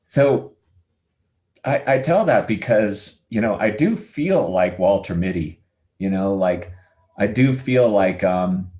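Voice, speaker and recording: A middle-aged man telling stories in a casual interview, lively and quick to laugh, acting out the voices of people he quotes. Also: fairly low pitch. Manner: animated storyteller, acts out quoted voices, laughs easily. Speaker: podcast guest, adventurer.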